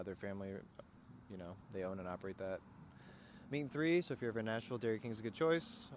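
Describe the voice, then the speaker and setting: Hesitant low-voiced man. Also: a little hiss or hum. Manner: reluctant, brief, hesitant with fillers. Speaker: podcast guest, co-host's partner. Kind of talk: casual chat. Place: outdoors, in a parked car.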